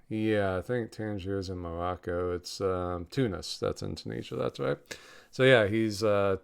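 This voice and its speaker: A man with a low, gravelly voice that is also smooth and clear gives a casual spoken film review. He talks bluntly and swears freely, rambling through fillers and restarts and breaking into short laughs. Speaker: podcast host reviewing a film.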